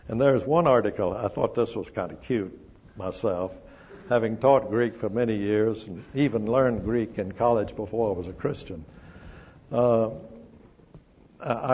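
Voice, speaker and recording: Slow, emphatic older male preacher. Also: mid-range voice, a little mellow, slightly rough. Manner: slow, emphatic, stresses scripture word by word. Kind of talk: expository sermon. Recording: dull lo-fi recording.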